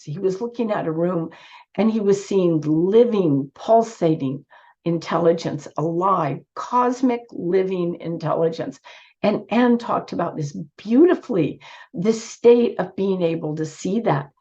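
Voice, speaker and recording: A woman giving an earnest online talk with slides, her voice squeaky from a cold and her phrasing full of restarts. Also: expressive, a little slow, dark tone. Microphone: video call. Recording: dull lo-fi video call audio.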